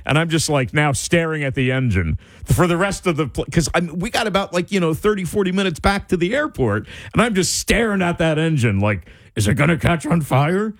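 A man telling a personal story in a casual, animated way, full of "like" and restarts. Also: on the high side, a little fast, few pauses, dry recording, studio quality. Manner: animated, wide-ranging delivery, lots of "like" and restarts.

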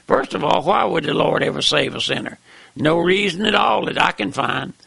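A man's voice: a little high, lively intonation, moderate pace, vocal fry, pushed and bright, breathy edge, no room sound. An older man preaching a fiery old-time sermon, fervent, with stammering restarts and repeated calls of "my friend".

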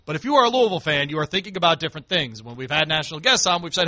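Fast-talking, bright-voiced sports radio host, lively and emphatic, dry studio sound. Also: male voice, a little high, no echo. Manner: animated, emphatic. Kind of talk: sports talk banter.

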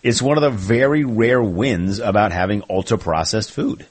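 Deep husky male co-host. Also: moderate pace. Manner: storytelling, wry asides. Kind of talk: casual chat.

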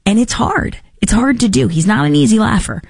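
A woman's voice: a little high, animated, a little fast, vocal fry, darkish tone, husky, dry recording, clean studio sound. A woman hosting a political talk show, giving opinionated commentary with sarcastic asides and mocking put-on quotes. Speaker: podcast host.

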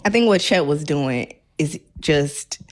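American woman co-host, slightly low voice, chatty and animated with quick asides. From United States. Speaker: talk show co-host. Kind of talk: casual chat.

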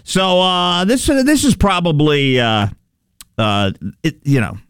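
A man's voice: sits high, huge pitch swings, a little slow, fairly bright tone, clear, resonant tone, no echo, studio quality. Man hosting, filler-heavy chat. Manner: lots of fillers, chuckling asides. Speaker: host. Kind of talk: casual comedic news chat.

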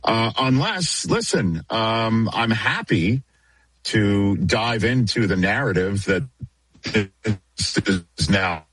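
Deep, husky-voiced man on a video call. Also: dry recording, rough recording. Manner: relaxed, wry, unhurried. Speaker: guest. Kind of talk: casual chat.

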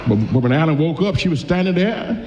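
Folksy preacher in an echoey hall. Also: male voice, on the high side, expressive. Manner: folksy, quotes scripture slowly and then speeds up with asides. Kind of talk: sermon. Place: church. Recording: echoey hall, dull lo-fi sound.

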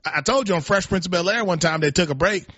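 A man co-hosting a casual sports talk show, animated and self-deprecating with quick restarts, on dry, slightly dull audio. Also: high voice, husky, dry recording.

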